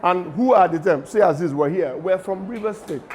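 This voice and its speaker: A middle-aged Nigerian man with a Nigerian accent, giving a lively lecture to students and mixing in pidgin asides. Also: high voice, normal speed, slight background noise. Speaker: guest lecturer.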